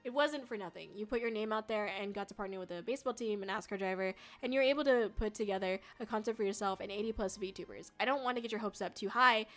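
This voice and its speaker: Talking at a quick pace with few pauses, a young VTuber chats casually with her livestream viewers over soft background music. Her mid-range voice is a bit bright, and she's bubbly and giggly with many filler words.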